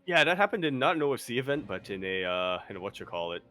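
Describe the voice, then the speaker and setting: Bright-voiced man on a casual podcast. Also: mid-range voice, racing, soft background music. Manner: animated, jokey, slips into mock accents. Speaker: podcast co-host. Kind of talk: casual esports chat.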